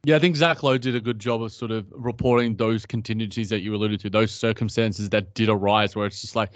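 A man's voice: on the low side, steady tone, a little fast, dry recording. A man with an Australian accent co-hosting a sports podcast in casual chat, talking in restarts and asides. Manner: chatty, many restarts and asides. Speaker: podcast co-host. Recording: dull lo-fi dry sound.

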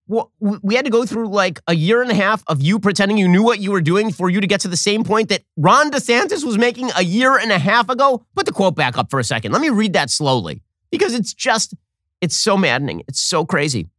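A man hosting a political commentary show, delivering a fast, sarcastic, exasperated monologue. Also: high-pitched, big pitch swings, fairly bright tone, dry recording, studio quality.

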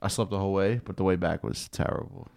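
A man telling travel stories in a casual chat, animated and trailing off quietly at the ends of sentences. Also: low-pitched, quick pace, gravelly, background noise.

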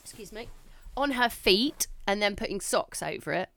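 A woman's voice: moderate pace, no echo. A woman in her thirties, co-hosting a casual chat podcast and telling stories animatedly, acting out quoted lines. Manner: animated storytelling, acting out quotes with big pitch jumps. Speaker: podcast co-host.

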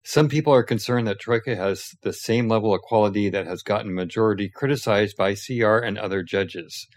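A man's voice: fairly low pitch, fairly quick. A man co-hosting a podcast, reading news items, stumbling over a word and laughing at himself. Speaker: podcast co-host.

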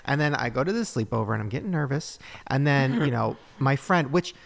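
A man's voice: mid-range voice, a little fast, vocal fry, long reverb tail. A man hosting a casual podcast, telling a story with energy and acting out the voices of the people in it, laughing often. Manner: animated storyteller who acts out other voices and laughs often. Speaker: podcast host.

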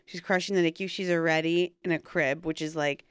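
A woman's voice: low-pitched, fairly even intonation, brisk, clean tone, no echo, clean studio sound. A young woman chatting casually on a podcast, telling a long story with lots of fillers. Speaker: podcast co-host and new mother. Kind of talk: casual chat.

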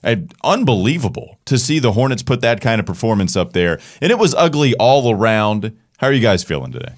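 A man's voice: on the low side, very animated. Man hosting a sports podcast. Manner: brisk, rattling off stats with sarcastic asides. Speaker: podcast host.

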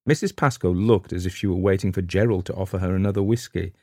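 A man reading a supernatural short story aloud in a measured, steady narration. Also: deep voice, dry recording, studio quality. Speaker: audiobook narrator. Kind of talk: scripted narration.

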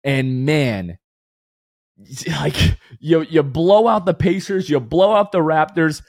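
Brief: male podcast co-host, higher voice, choked up with happy tears, bursts into shouting, dry close mic. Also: slow, dry recording. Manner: excited, rising to shouts. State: tearful, emotional. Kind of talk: emotional sports podcast chat.

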